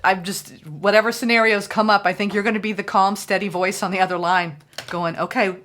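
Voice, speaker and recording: A woman's voice: mid-range voice, brisk, a little hiss or hum. A woman giving a tarot reading in a casual, reassuring way, often checking in with "okay?" and acting out people's reactions. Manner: reassuring, keeps asking "okay?"; animated, acts out quoted reactions. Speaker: tarot reader.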